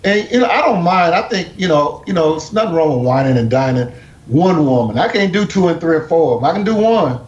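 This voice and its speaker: A man's voice: on the high side, brisk. A man, a guest songwriter, chatting casually on a radio show about his songs, often repeating words. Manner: relaxed, repeats words while talking. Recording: echoey, dull, lo-fi with faint hiss.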